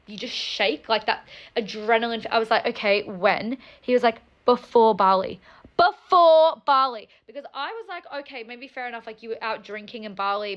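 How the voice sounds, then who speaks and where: A young woman with a fairly high voice rants through a get-ready-with-me storytime, agitated and rambling, piling up fillers and curses. The phone audio sounds dull and lo-fi. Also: a bit bright. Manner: agitated rambling rant, heavy fillers and swearing. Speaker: storytime vlogger.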